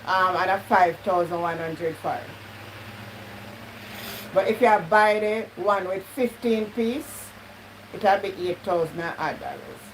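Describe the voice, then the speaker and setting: A woman's voice: mid-range voice, slow pace, slight background noise, poor audio. Jamaican woman chatting on a live stream. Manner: slips into patois, talks straight to viewers. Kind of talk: casual live-stream chat.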